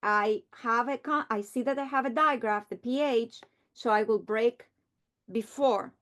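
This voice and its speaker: A middle-aged woman teacher modeling a reading strategy aloud, slow and deliberate, repeating words for emphasis. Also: fairly high pitch, a bit bright.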